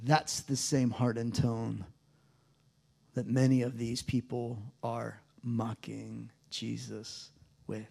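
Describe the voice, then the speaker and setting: A man's voice: mid-range voice, flat delivery, takes it slowly, creaky, warm tone, husky. A man preaching a sermon, reading scripture aloud and acting out the mocking voices with drama. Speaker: pastor.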